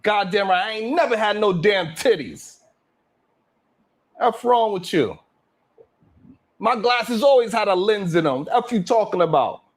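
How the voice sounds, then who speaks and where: A man hosting his own live stream show, boasting and trash-talking the haters in a loud, hyped rant full of cursing. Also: sits high, animated, a little slow, long pauses. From Brownsville, Brooklyn.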